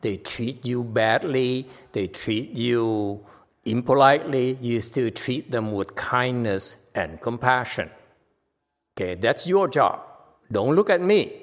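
Speaking at a slow pace in a medium-pitched voice, a male Chan master delivers a dharma talk to his students. His manner mixes sternness with teasing, and he laughs at his own jokes while the hall echoes with long reverb.

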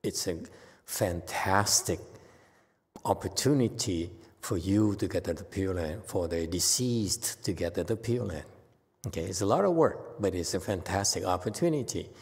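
A man gives an informal dharma talk and answers a student's questions. He chats easily and laughs often, dropping into low asides and then rising for emphatic points. His voice carries the long reverb of a hall. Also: lively intonation, moderate pace. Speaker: Buddhist teacher.

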